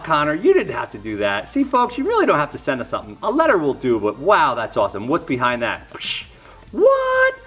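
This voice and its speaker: A middle-aged man hosts a casual unboxing vlog. His pitch leaps up and down as he exclaims over each new card. Faint music plays behind him. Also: fairly bright tone, breathy edge. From New York. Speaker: YouTube host.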